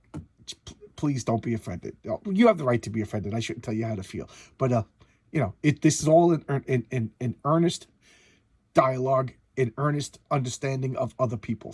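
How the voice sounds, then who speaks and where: A man with a hoarse voice reviewing comic books in casual, rambling commentary, stumbling over restarts. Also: mid-range voice, moderate pace, darkish tone, dry recording.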